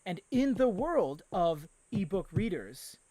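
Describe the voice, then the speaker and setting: A man hosts a live stream in a loose, chatty way, answering viewers and getting worked up about what he likes. His voice sits high for a man. The sound is dry and close. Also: slow pace, no room sound. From Canada. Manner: chatty, reads viewer comments aloud, excitable. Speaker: livestream host. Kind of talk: casual live-stream chat.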